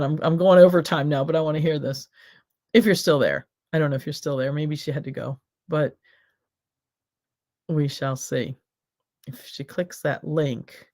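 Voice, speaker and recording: A woman's voice: low-pitched, a little mellow. A woman hosting a casual home livestream, chatting and rambling directly to her viewers. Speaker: cooking show host. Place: home, by a back window.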